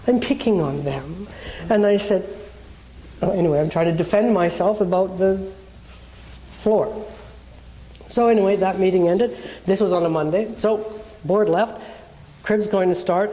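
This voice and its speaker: A woman's voice: mid-range voice, steady tone, moderate pace, pauses often, warm tone. A woman minister preaching in a conversational way, telling a personal story and acting out the people in it.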